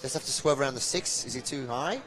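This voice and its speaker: A man hosting live pool commentary from a commentary box, chatty and playful, with shout-outs to viewers. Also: mid-range voice, fast, a little hiss or hum.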